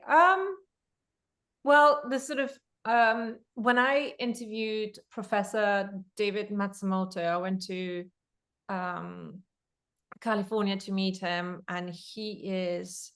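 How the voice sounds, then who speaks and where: A woman's voice: medium pitch, takes it slowly, fairly bright tone. A woman born in Germany, a poker author being interviewed, telling a story in a chatty, digressive way. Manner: chatty, digressive, laughs while talking.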